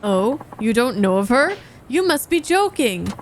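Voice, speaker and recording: A woman voicing a polite, formal male secretary and bodyguard, speaking in a measured way while reading game dialogue. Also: a little high, big pitch swings, a little hiss or hum.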